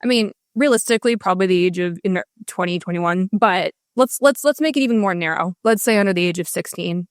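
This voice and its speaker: A woman guest in a candid interview, talking with passion and emphasis, in rushes with many restarts. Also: lowish voice, dry recording, clean studio sound. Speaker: guest author.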